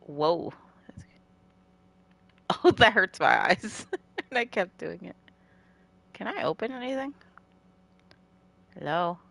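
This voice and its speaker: A woman streamer, just out of bed, talking slowly with a gravelly fry in her voice. She rambles playfully and giggles between comments to her chat while she plays. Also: lowish voice, big pitch swings, fairly bright tone, no room sound. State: just woken up. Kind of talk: casual livestream chat while gaming.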